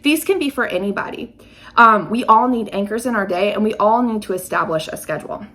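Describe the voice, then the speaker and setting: A woman's voice: medium pitch, fairly quick. Woman host explaining daily routines. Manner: chatty, explains with examples, lively emphasis. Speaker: podcast host. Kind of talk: casual podcast teaching.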